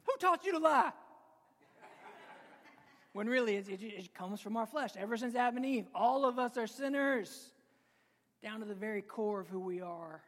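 A man's voice: high-pitched, normal speed. A man preaching a sermon to a live congregation in a church, conversational and joking, with sudden emphatic bursts. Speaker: pastor. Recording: long reverb of a large hall.

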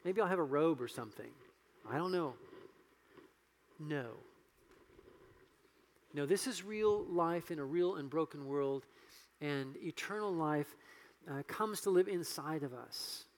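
A male pastor with a notably high voice delivers an earnest sermon, pressing his points with growing passion. The sound rings with the long reverb of a large church hall. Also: a little slow, long pauses. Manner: earnest, building to loud passionate preaching.

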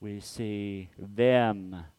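Slow-preaching man with a smooth voice. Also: lowish voice, steady tone, dry recording. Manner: earnest, pauses and repeats words, trails off softly at phrase ends. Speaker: pastor. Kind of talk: sermon. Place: church sanctuary.

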